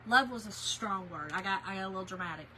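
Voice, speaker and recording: A woman's voice: medium pitch, fast talker, sharp tone, slight background noise, low-quality recording. A woman chatting with viewers by name while she demonstrates a craft project on a livestream, with many fillers. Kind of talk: casual livestream craft tutorial.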